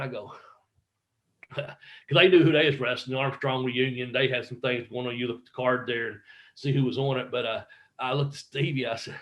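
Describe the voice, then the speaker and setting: A man's voice: mid-range voice, normal speed, fairly bright tone, poor audio. A middle-aged man, a former pro wrestler, telling backstage stories in a casual interview, acting out quotes, swearing freely and laughing often.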